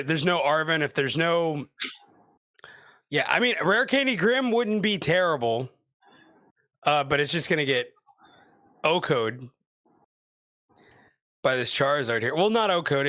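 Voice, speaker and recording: A man from the Houston area doing casual live commentary on a card game tournament, excitable and quick to laugh. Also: on the high side, no room sound, clean studio sound. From Houston area, USA. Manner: excitable, breaks into shouts and laughter.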